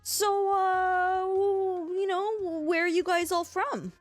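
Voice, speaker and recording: A young woman, livestreaming and telling a story casually, animated and laughing often. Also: very high-pitched, slow, no echo, faint music behind. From Canada.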